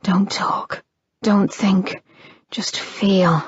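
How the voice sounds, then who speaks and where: A woman voicing a tender, insistent male nobleman in whispered role-play, with a low, hushed murmur, on a slightly muffled recording. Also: a little slow, breathy edge, no echo.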